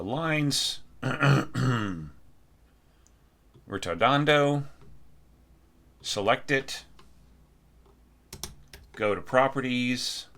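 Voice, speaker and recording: A man with a low voice and a bright, forceful edge talks through a student's orchestration. He thinks aloud with many fillers, often sings the lines as "da da da," and keeps checking in with "right?". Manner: frequent fillers and restarts, encouraging but direct. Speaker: orchestration teacher. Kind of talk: spoken feedback lesson on a score.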